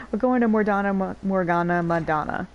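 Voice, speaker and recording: A woman's voice: medium pitch, normal speed, highs cut off. A woman playing a video game and chatting casually, rambling and swearing freely as she reacts. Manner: rambling, swears, laughs often. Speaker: game streamer. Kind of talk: casual let's-play commentary.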